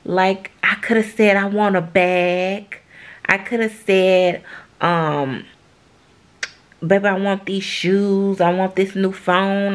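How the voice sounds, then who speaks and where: Tearful slow-talking woman vlogger. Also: on the low side, creaky. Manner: tearful, heartfelt, slow and halting. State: crying. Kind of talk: emotional casual vlog talk.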